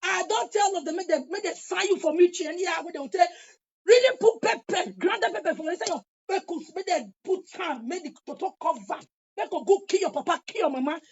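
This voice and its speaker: High-voiced Nigerian woman ranting heatedly. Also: fast talker, lo-fi sound. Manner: heated, taunting, sometimes shouting. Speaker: vlogger. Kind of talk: angry rant.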